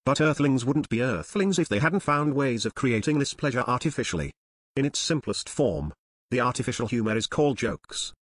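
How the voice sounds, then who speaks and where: A man giving scripted, deadpan comic narration in a dry, lecturing tone, like an outsider explaining things. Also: mid-range voice, husky, no echo. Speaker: narrator of an educational series.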